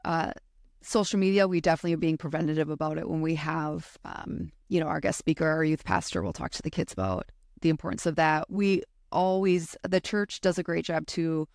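Gravelly-voiced woman, earnest and dry. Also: sits low, brisk, a little mellow, dry recording. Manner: earnest and thoughtful, with many fillers. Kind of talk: casual interview chat.

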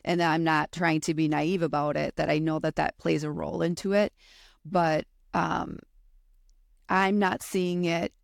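A woman's voice: sits low, little pitch movement, unhurried, gravelly, no room sound, clean studio sound. A woman who works with school students, talking earnestly in an interview with frequent fillers. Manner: earnest and thoughtful, with many fillers. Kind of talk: casual interview chat.

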